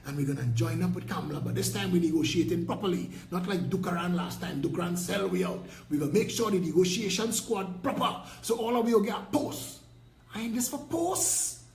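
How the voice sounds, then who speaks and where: A man's voice: high-pitched, brisk, vocal fry, hardly any pauses, echoey room, rough recording. A man with a Trinidadian accent, a political party leader delivering an impassioned, combative and preachy rant with mocking jabs.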